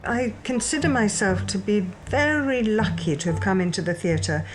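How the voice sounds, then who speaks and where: A woman actor recalling past theatre days in a measured way. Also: mid-range voice, expressive, faint music behind. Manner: measured, recollecting.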